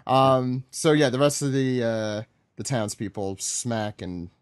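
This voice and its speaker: A man's voice: medium pitch, slow pace, clear, resonant tone, no echo. A man from Long Island hosting a podcast, talking casually and rambling with lots of fillers and self-corrections. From Long Island, United States. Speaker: podcast host. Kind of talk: casual chat recapping a comic chapter.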